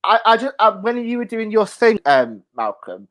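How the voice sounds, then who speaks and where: A man's voice: high-pitched, big pitch swings, moderate pace, fairly bright tone. A man hosting a casual chat, steering guests with hesitant questions full of fillers. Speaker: host.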